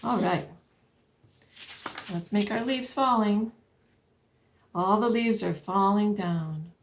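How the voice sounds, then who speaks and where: A woman librarian leading a children's storytime, speaking in a gentle, patient, sing-song way. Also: medium pitch, slow pace, slight background noise.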